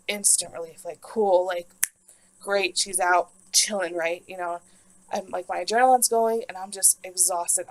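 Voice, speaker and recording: A woman's voice: medium pitch, gravelly, poor audio. A woman in her twenties telling a personal story casually and candidly, cursing freely and acting out what people said. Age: 20s. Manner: candid, swears often, reenacts quotes. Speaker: vlogger.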